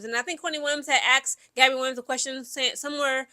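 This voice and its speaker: A young adult woman, giving casual, opinionated commentary in an animated way, full of filler words. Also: high-pitched, fast talker. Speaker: commentary vlogger.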